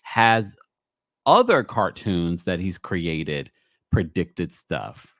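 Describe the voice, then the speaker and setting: A man's voice: sits low, very animated, drawn-out words, fairly bright tone, dry recording, clean studio sound. A man with an American accent, a guest in a casual chat who jokes around playfully and laughs often.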